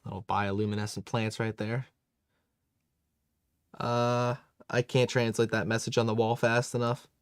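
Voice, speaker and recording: A man's voice: mid-range voice, level tone, measured pace, long pauses, clean tone, no room sound, clean studio sound. A man hosting a live watch-along, giving casual, joking commentary with chuckling asides.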